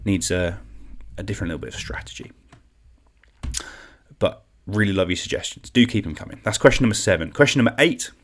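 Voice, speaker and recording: Low-pitched yet fairly bright in tone, this young man from England speaks a little fast with lively intonation. Hosting an online quiz, he chats and wanders off topic as he reads comments, jokes at his own expense, and sings the song clues as nonsense syllables.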